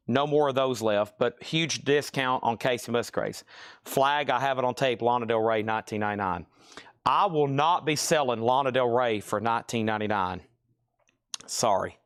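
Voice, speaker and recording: Male live-sale host, mid pitch, brisk casual price-calling, dry close sound. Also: a bit bright, clean tone, dry recording. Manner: brisk, rattling off prices and buyer names. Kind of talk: live sales patter.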